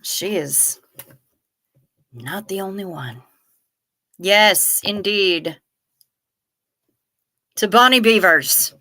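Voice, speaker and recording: Slow, sardonic middle-aged woman. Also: medium pitch, lively intonation, sharp tone. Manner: sardonic, dry asides. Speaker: livestream host reading chat. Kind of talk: casual chat.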